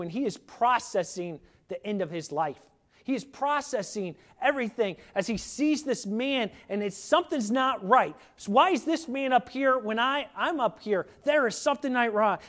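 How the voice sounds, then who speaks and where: A man's voice: high-pitched, fairly bright tone. A man preaching a sermon, earnest and emphatic, repeating key words for weight.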